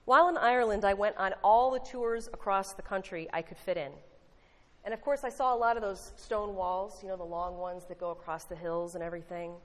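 Brief: woman, lay preacher, conversational and earnest, mid-pitched voice, long hall reverb. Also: steady tone, a little fast. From United States. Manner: conversational, earnest, wry asides. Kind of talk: sermon with storytelling.

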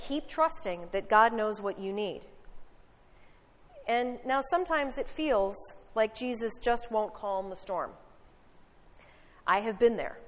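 Woman preacher with a ringing hall echo. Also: on the high side. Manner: storytelling, animated and conversational with wry asides. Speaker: pastor. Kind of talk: sermon. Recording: reverberant hall.

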